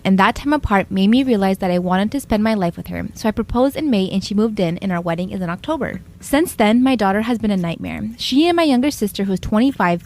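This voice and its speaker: A woman reading forum posts aloud in a quick, steady read-aloud delivery. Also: mid-range voice.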